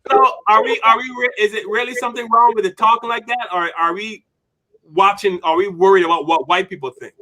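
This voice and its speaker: A man hosting a casual panel discussion, animated and reading viewer comments aloud. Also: high voice, brisk, dry recording, poor audio. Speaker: show host.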